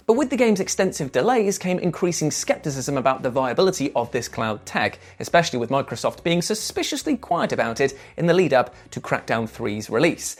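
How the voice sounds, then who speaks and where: A young English man from England hosting a gaming countdown video in an animated, jokey, playful way. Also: a little high. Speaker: video presenter.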